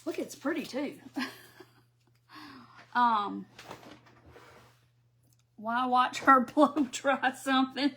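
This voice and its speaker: A woman's voice: sits high, extremely slow, pauses often, pushed and bright, slight background noise. A middle-aged woman from Mississippi with a Southern accent, chatting casually through a crafting live stream and reading viewer comments aloud.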